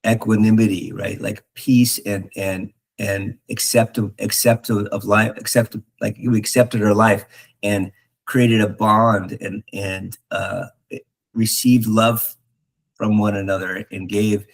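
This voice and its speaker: A man talking earnestly in a reflective spiritual talk, halting with many restarts and fillers. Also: fairly low pitch, flat delivery, vocal fry, low-quality recording. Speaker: podcast host.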